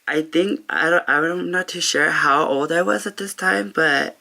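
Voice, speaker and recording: A young woman talking to camera in a personal vlog, heartfelt and open, halting often with pauses and restarts. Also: sits low, creaky, pushed and bright. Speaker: vlogger. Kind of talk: reflective personal vlog talk.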